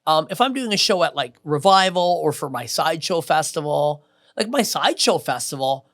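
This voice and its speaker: A man guesting on a podcast, telling show stories with brash, boastful energy. He talks in bursts, getting loud for punchlines and dropping low for asides. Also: normal speed. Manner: brash, boastful, lively swings in loudness. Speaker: mentalist guest. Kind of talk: animated storytelling in conversation. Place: podcast studio.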